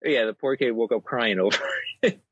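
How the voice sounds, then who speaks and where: A man's voice: medium pitch, normal speed, fairly bright tone, no room sound. A man in his thirties co-hosting a casual podcast, telling stories and laughing often. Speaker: podcast co-host. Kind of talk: casual chat. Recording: dull dry lo-fi sound.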